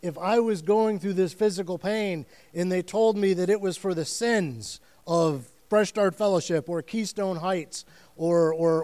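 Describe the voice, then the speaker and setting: A man's voice: high voice, a little mellow, clean tone. A man preaching a sermon as pastor, telling the story in earnest and vivid detail and repeating phrases for weight.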